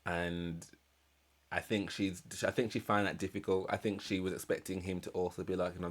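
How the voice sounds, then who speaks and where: A man's voice: sits low, flat delivery, a little fast. A man hosting a reaction channel, musing aloud in casual commentary with lots of fillers and restarts. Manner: reflective, rambling, many fillers and restarts.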